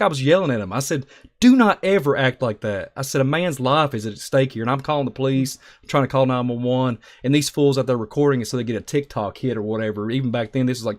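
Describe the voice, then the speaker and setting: A man telling stories on a talk show, emphatic and rambling, acting out the voices of people in his stories. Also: medium pitch. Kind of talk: animated storytelling on a talk show.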